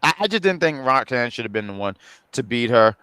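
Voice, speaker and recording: A man's voice: mid-range voice, big pitch swings, a little fast, pushed and bright, clear, resonant tone, dry recording. Rambling man co-hosting a chat. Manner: rambling, many fillers and restarts. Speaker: co-host. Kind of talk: casual chat.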